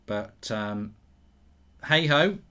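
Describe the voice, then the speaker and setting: A man's voice: lowish voice, lively intonation, extremely slow, sharp tone, smooth, voice pushed down, full character voice. A man voicing a jolly young male footballer with a put-on Irish accent that slips toward Scouse, hammy and sing-song. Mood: teasing. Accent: put-on Irish drifting Scouse.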